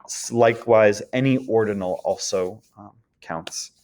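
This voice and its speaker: A man teaching a recorded grammar lesson to his students, relaxed and full of ums, slipping in short words of the language he teaches. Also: on the low side, a little slow. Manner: relaxed, frequent ums, chants the word list rhythmically. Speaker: French teacher.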